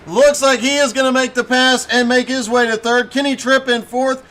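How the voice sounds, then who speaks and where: High-pitched man calling a race. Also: level tone, bright, forceful tone. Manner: brisk play-by-play calling. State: losing his voice. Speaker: race commentator. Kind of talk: play-by-play commentary.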